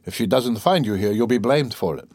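A man's voice: fairly low pitch, lively intonation, brisk, a little mellow, no room sound. A man voicing a tense, brooding young man who talks in an agitated, peevish way.

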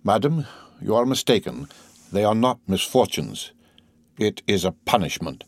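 A man voicing a proud, vengeful nobleman in an audiobook, speaking with cold, measured irony. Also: lowish voice, sing-song, gravelly, no echo, clean studio sound, heavily acted. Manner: cold, measured, bitterly ironic. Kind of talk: audiobook character reading.

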